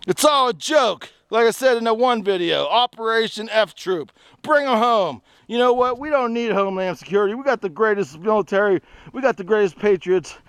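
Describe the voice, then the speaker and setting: A middle-aged man vlogging outdoors on a trail, delivering an angry, rambling political rant to camera that rises into shouting. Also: high voice, lively intonation, a little fast, clear, resonant tone, no echo. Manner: ranting, shouting, rambling and repetitive.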